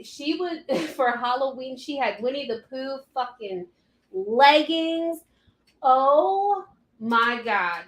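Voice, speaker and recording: Brief: young woman cake artist ranting on a live stream, cursing and animated. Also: a little high, reverberant. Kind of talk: casual live stream chat.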